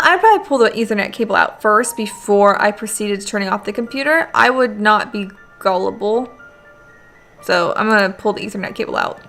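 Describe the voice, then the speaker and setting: A woman's voice: medium pitch, vocal fry, a bit bright. A young adult woman hosting a gaming video, reading a horror story aloud with chatty, sarcastic commentary and casual swearing. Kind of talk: let's play commentary.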